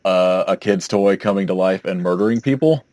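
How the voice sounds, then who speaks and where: A man's voice: low-pitched, normal speed, mellow. A man co-hosting a podcast in casual chat, rambling and hesitant as he recalls things. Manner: rambling, hesitant, full of "like" fillers. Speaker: podcast co-host.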